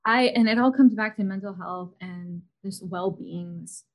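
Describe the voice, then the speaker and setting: A woman in her thirties hosts a podcast, speaking at a middle pitch. She talks casually and loosely, with plenty of fillers and restarts. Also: normal speed. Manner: chatty, many fillers and restarts. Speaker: podcast host. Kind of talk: casual interview chat.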